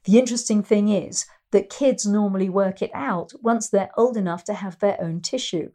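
A woman's voice: mid-range voice, moderate pace, dark tone. A middle-aged woman and riding teacher giving an instructional talk, explaining ideas through anecdotes. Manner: explanatory, storytelling, acts out quoted voices.

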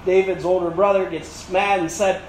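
A man's voice: sits high, level tone, normal speed, echoey room, a little hiss or hum, rough recording. A male pastor preaching a sermon with emphatic, building repetition and rhetorical questions.

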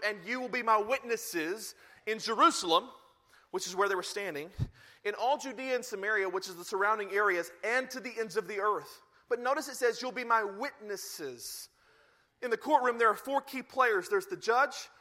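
A man preaching a sermon as a pastor, telling stories and acting out the people in them with lively energy. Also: very high voice. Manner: animated storytelling, acting out quoted lines.

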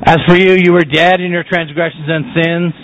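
A man's voice: on the high side, level tone, moderate pace, fairly bright tone. A man preaching a sermon, emphatic and posing rhetorical questions to the congregation. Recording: muffled lo-fi sound.

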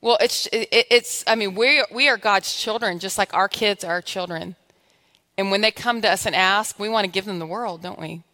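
A woman's voice: medium pitch, normal speed, sharp tone. A woman preaching a sermon in a church, telling stories animatedly and acting out her own dialogue with God. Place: church sanctuary. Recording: long hall reverb.

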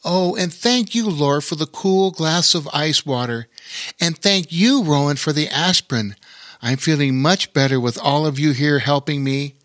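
A man's voice: a little high, measured pace, fairly bright tone, no echo, studio quality, voice pushed up. A man voicing a kind, young-at-heart older woman in a children's story, grateful and chatty.

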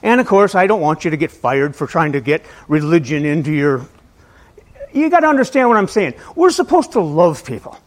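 High lively-voiced male pastor preaching. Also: a little fast. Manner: conversational, self-deprecating, repeats words when starting sentences. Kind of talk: sermon. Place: small church.

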